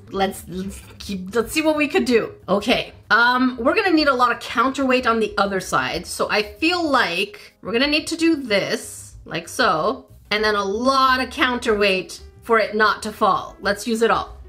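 A woman hosting a casual let's-play, giggly and excitable, talking to the game and the dog on screen. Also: high-pitched. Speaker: gaming channel host.

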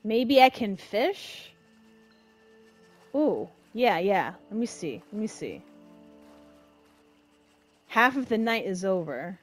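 A young woman giving emotional, dramatic let's-play commentary in casual slang, reacting loudly to what happens in the game. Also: medium pitch, big pitch swings, slow pace, long pauses, faint music behind. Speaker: gamer.

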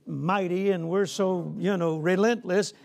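High-pitched, gravelly male preacher. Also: fairly even intonation, a little slow, a little mellow. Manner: conversational, folksy, peppered with "you know"; calls for "Amen?" from the congregation. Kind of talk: sermon.

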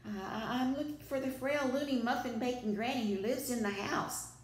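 A woman's voice: low-pitched, lively intonation, unhurried, a little hiss or hum. A woman reading aloud, voicing a boastful, scheming male wolf villain who gloats and sneers, in an echoey room. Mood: nervous. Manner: gloating, sneering, stammering when caught. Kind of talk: storybook read-aloud.

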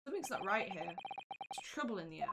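A young woman giving excitable, exclamatory let's-play commentary as a streamer. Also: medium pitch, brisk, very noisy. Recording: game music behind.

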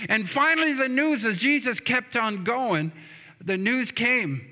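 Bright-voiced preacher in reverberant church. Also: male voice, very high-pitched, expressive, a little slow. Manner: storytelling preacher, prompting amens. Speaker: pastor. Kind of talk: funeral sermon. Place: church sanctuary. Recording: long church hall reverb.

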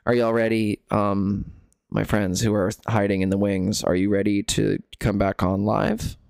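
A man's voice: lowish voice, little pitch movement, measured pace, creaky, darkish tone, no echo, clean studio sound. A man hosting a live game stream, chatting playfully and thanking viewers. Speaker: streamer host. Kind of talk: casual live stream chat.

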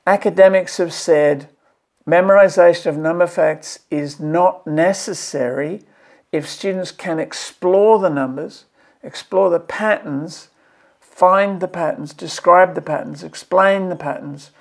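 A man's voice: sits high, measured pace, vocal fry. A man, a maths educator, giving an emphatic and exasperated review of a curriculum draft in a video. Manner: passionate, emphatic, exasperated pleading.

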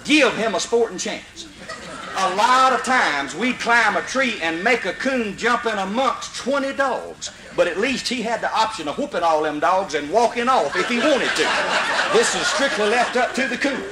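A man with a Mississippi accent telling a folksy comic story, animated and prone to loud hollers. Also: high voice, moderate pace, background noise. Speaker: comedian storyteller. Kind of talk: live comedy storytelling.

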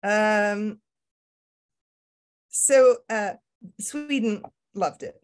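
A middle-aged woman speaks in an author interview with a candid, self-deprecating manner. Her pitch sits in the middle of the range. She often breaks off and restarts her sentences. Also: very slow. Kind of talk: casual conversation.

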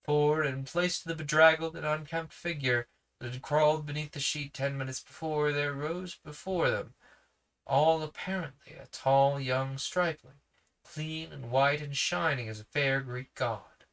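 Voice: medium pitch, fairly even intonation, unhurried, fairly bright tone. Sleepy, casual, reading a novel aloud, podcast narrator. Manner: casual asides between narration. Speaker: podcast reader.

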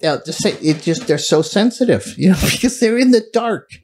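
A man's voice: high-pitched, expressive, brisk, crowd noise. A middle-aged man, a podcast guest, telling stories casually, laughing often and swearing freely. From United States. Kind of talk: casual storytelling.

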